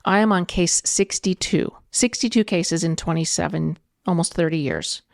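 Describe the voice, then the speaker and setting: A middle-aged woman, a podcast guest, arguing her position in an earnest, measured way. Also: lowish voice, gravelly, no echo, studio quality. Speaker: guest, political candidate. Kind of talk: debate in a podcast interview.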